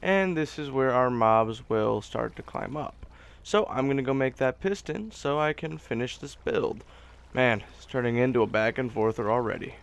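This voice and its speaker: A man's voice: mid-range voice, expressive, normal speed, gravelly, clear, resonant tone. A man giving casual, chatty commentary over his own gameplay as host, rambling a little and poking fun at himself. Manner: chatty, rambling, self-deprecating. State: hiccups. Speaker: let's play host.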